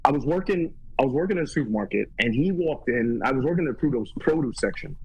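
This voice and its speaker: A man's voice: medium pitch, lively intonation, quick pace, breathy edge, dry recording, poor audio. A man, a comedian guest, chatting casually and telling rambling, profane stories. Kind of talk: casual podcast chat.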